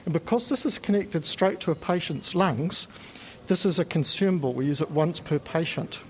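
A man's voice: a little high, moderate pace, a little hiss or hum, low-quality recording. A man with a New Zealand accent patiently explains technical equipment on a factory tour, with frequent ums. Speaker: company spokesperson giving a tour. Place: factory and laboratory.

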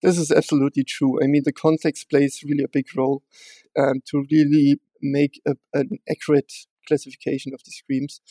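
A man being interviewed about his research, speaking in a measured way with frequent fillers and restarts. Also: a little high, level tone, mellow, no echo.

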